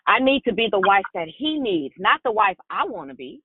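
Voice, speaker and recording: Give me a woman giving firm, deliberate advice on a call, with a phone-thin sound. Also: mid-range voice, sing-song. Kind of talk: encouraging advice on a prayer call. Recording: tinny phone line with loud noise.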